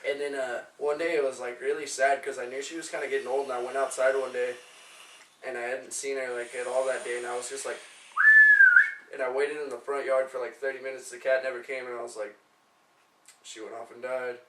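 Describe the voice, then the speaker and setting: A man's voice: medium pitch, level tone, fairly quick. A young man co-hosting a casual podcast, telling rambling, profane stories. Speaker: podcast co-host. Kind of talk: casual chat, storytelling. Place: living room couch. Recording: roomy, distant mic, faint noise.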